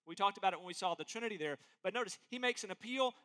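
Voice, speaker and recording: A man preaching an expository sermon as pastor, emphatic and animated, acting out quotes as he goes. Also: high voice, very fast.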